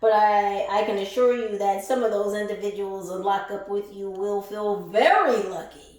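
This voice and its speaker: A woman's voice: mid-range voice, moderate pace, a little mellow. Echoey, distant woman reading spiritual messages. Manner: blunt and profane, laughing often. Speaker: spiritual tarot reader. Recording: echoey room, far from the mic.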